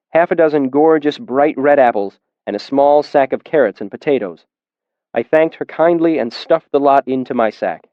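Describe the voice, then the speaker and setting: A man narrating a fantasy novel in the first person, measured and steady, on a dull, dry recording. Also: medium pitch, no echo. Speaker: audiobook narrator.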